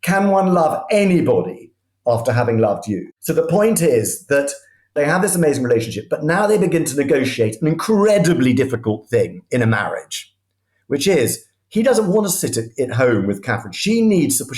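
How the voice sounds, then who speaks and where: A man's voice: mid-range voice, big pitch swings, fairly quick, darkish tone, reverberant. A man speaking as a guest historian, telling history as vivid anecdotes and often restarting his sentences mid-thought. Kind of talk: conversational history storytelling.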